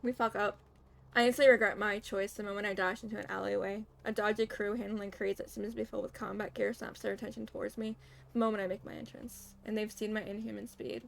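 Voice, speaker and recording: A woman's voice: medium pitch, little pitch movement, fast, creaky. A young woman streaming a game, reading the story aloud in first person and dropping casual asides.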